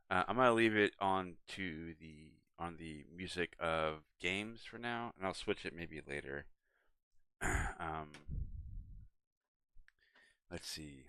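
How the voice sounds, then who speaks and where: Low-voiced, bright male streamer, chatting. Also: clean tone, dry recording. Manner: relaxed, rambling, talks to chat and his cat. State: yawning, tired. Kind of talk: casual live-stream chat.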